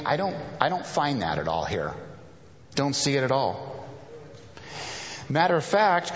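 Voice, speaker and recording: Man, preacher, conversational sermon, acts out characters, long hall reverb, muffled lo-fi sound. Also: a little high. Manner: conversational, acting out biblical characters' lines. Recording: echoey hall, dull lo-fi sound.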